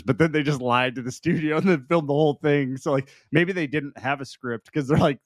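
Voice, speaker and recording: A man's voice: on the high side, a little fast, few pauses, no room sound, clean studio sound. A man co-hosting a podcast, chatting casually and laughing along. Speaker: podcast co-host. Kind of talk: casual chat.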